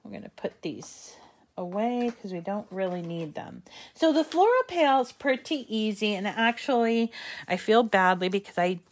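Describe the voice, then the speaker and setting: A middle-aged woman with a slight lisp, hosting a casual craft tutorial in a chatty, self-deprecating way that thinks out loud. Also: mid-range voice, expressive, normal speed. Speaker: crafting channel host.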